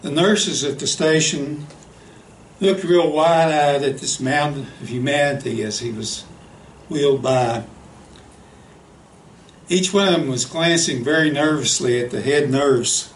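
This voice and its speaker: A man preaching a sermon, telling a story in an earnest, unhurried way and often saying "you know". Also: a little high, a little hiss or hum. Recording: echoey hall, faint ambience.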